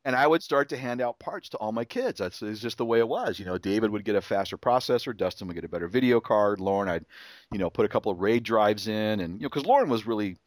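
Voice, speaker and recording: Animated, rambling middle-aged man. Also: fairly low pitch, quick pace, no room sound, studio quality. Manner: rambling with restarts, acts out his son's voice. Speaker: podcast host. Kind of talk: casual chat, storytelling.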